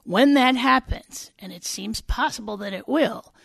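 A woman state senator from Wisconsin, answering radio interview questions in an earnest, deliberate, explanatory way. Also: fairly high pitch, creaky, a bit bright, slightly rough, no room sound.

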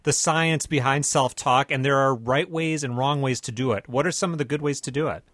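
A man's voice: medium pitch, steady tone, fairly quick, fairly bright tone, dry recording, studio quality. A man hosting a radio interview, asking questions in a friendly, chuckling way. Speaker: radio host.

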